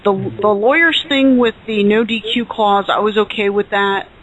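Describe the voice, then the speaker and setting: Exasperated high-voiced man. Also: fairly even intonation, normal speed, a bit bright, highs cut off. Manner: opinionated, exasperated. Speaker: podcast co-host. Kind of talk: casual wrestling chat.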